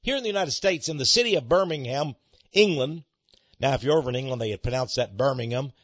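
A man with a Texas accent hosts a radio show in a folksy, emphatic preaching manner. His voice swoops from low drawn-out words up into excited high runs. The sound is dry and dull, like an old lo-fi radio broadcast. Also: slightly rough, dry recording. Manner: folksy, emphatic preacher-like delivery with dramatic rises. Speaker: radio ministry host. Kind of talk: radio talk with on-air ad.

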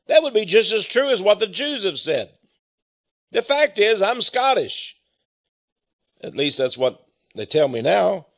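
A man's voice: high voice, very animated, moderate pace, gravelly, pauses often. A man from Texas delivering a preachy monologue as an author promoting his book, chuckling often and repeating words as he goes.

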